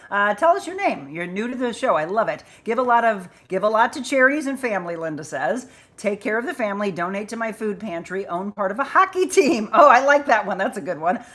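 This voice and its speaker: A woman with a mid-range, slightly bright voice hosts a livestream chat show. She's upbeat and chatty, reading out viewers' comments and names.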